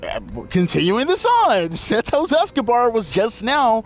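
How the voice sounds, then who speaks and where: A man's voice: very high-pitched, big pitch swings, measured pace, soft background music. A man giving a casual, profane, rambling recap of a wrestling show.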